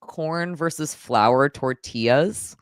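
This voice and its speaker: Low-voiced, sarcastic woman host. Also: slow, dry recording, studio quality. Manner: sarcastic, playful. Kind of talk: live-stream chat, running a game.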